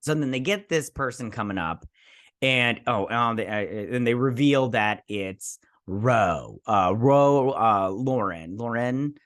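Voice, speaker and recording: An excitable man rambles through a casual episode recap in a mid-pitched voice, tripping over his words. The sound is dry and close, with no room echo. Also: slow pace. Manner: rambling, excitable, heavy use of "like". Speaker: show recap vlogger.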